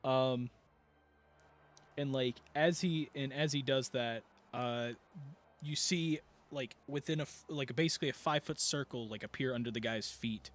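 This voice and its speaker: A man's voice: medium pitch, normal speed. A man narrating a tabletop game as game master, rambling through the scene with many fillers and restarts.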